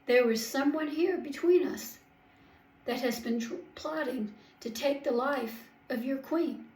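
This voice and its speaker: A woman's voice: high voice, unhurried, a little mellow, reverberant, low-quality recording. A woman playing an earnest, gracious queen. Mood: pleading. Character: gracious, courageous young queen.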